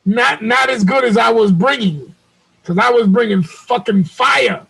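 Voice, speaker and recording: A man hosting a show over a video call, telling a story in a loud, profane, animated way. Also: extremely high pitch, a little slow, creaky, husky, rough recording. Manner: loud, profane, animated retelling with acted quotes. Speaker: podcast host.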